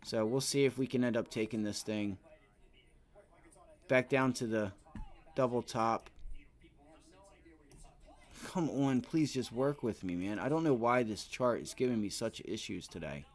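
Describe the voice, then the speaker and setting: Trader host, man in his 30s, mid-pitched, casual running commentary, mutters and cusses. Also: a little slow, long pauses. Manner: talks to himself and the chart, swears, frustrated at times. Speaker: day trading livestream host. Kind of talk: casual live trading commentary.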